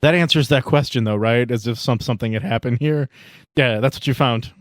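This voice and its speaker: A relaxed man serves as game master for a tabletop game. His voice sits at a middle pitch and stays conversational. The sound is dry and close. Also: brisk, no echo. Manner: laid-back, conversational.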